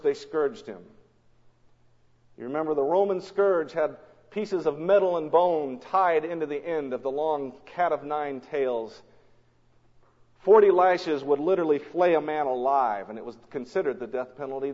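A man preaching a sermon in a dramatic storytelling manner, swinging between loud and hushed, recorded in a church or large hall. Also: mid-range voice. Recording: long hall reverb, dull lo-fi sound.

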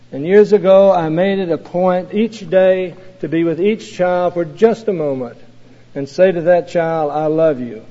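A man preaching an earnest sermon as a pastor, slow and measured, leaning on key phrases. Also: high-pitched, dark tone. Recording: dull lo-fi recording with long hall reverb.

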